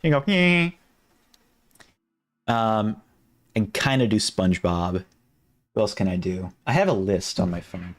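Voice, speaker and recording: Rambling male streamer, low voice. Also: expressive, moderate pace. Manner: rambling and self-interrupting, breaking off to test impressions. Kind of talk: casual live-stream chat.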